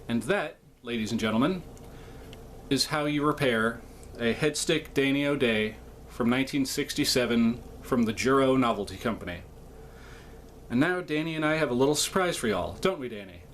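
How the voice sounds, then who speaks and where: A man hosting a hands-on repair tutorial, explaining each step in a relaxed, folksy way. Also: medium pitch, slight background noise. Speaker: toy repair host and ventriloquist.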